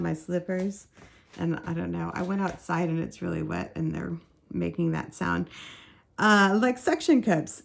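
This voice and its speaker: A woman's voice: medium pitch, creaky. A middle-aged woman chatting casually to camera as a crochet vlogger, upbeat and rambling.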